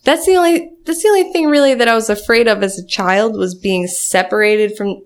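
A woman's voice: mid-range voice, fairly quick. A woman in casual conversation, telling rambling stories, laughing often. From grew up on a farm. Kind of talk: casual chat.

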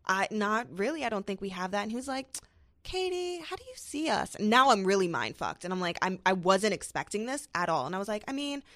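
A woman's voice: mid-range voice, lively intonation, quick pace, hardly any pauses, a bit bright, dry recording, studio quality. A young woman guest on a podcast, telling a personal story candidly and wryly, quoting what was said. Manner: candid, quoting herself and others, wry. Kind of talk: casual storytelling chat.

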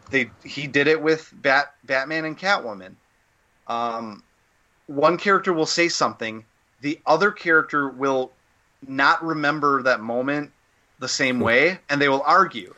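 A man's voice: a little high, moderate pace, bright, forceful tone, lo-fi sound. A man co-hosting a casual podcast discussion, giving an opinionated, rambling critique full of fillers and restarts. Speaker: podcast co-host.

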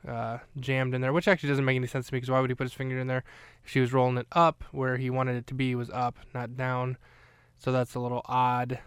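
A man rambles through a casual podcast recap, his voice smooth and clear with an even, fairly flat delivery. He is recorded close in a dry room with no echo, and he pads his talk with fillers and restarts. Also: medium pitch. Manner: rambling, chatty, with many fillers. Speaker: podcast host recapping a film. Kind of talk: casual chat.

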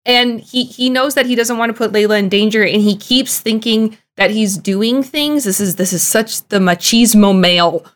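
A young woman co-hosting a casual podcast about a TV show, chatty and full of "like" fillers, with animated bursts. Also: a little high, moderate pace, hardly any pauses. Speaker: podcast co-host.

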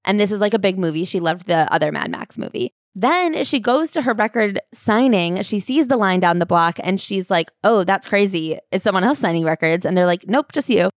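A woman co-hosting a casual chat, retelling a story with excitement and swearing. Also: mid-range voice, a little fast, hardly any pauses, no room sound, studio quality. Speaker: podcast co-host. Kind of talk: casual book-club chat.

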